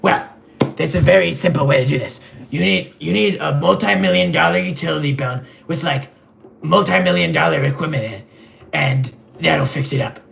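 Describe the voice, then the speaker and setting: A man playing a vain, clueless rich male superhero in a comedic livestream sketch, rambling in a deadpan, gravelly voice. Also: fairly high pitch, normal speed. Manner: rambling, deadpan, self-absorbed.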